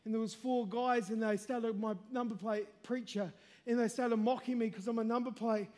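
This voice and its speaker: A man with a very high voice preaching a testimony sermon. He drifts from hushed storytelling to full-throated shouting, and the sound rings out with a long hall reverb. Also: steady tone, moderate pace. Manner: swings from quiet storytelling to loud shouted preaching.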